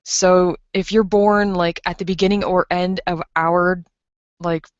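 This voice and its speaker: A woman's voice: fairly low pitch, fairly even intonation, unhurried, no room sound. Rambling young woman, dull lo-fi mic. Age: 20s. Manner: rambling, filler-heavy, reads chat aloud. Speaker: livestreamer. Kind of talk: casual stream chat.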